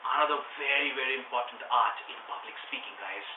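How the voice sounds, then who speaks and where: Animated man coaching a workshop. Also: mid-range voice, quick pace. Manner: animated, coaxing, rises to a loud voice for stress. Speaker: public speaking trainer. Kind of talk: workshop teaching. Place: meeting room. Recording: echoey room from far off, phone-like, noisy.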